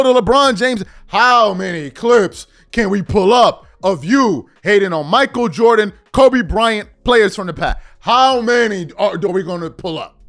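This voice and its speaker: Man, very high voice, lively swings in pitch, mocking sports rant, faint music bed. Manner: indignant, mocking, mimics others in quoted voices. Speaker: sports commentary host. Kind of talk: ranting sports commentary monologue.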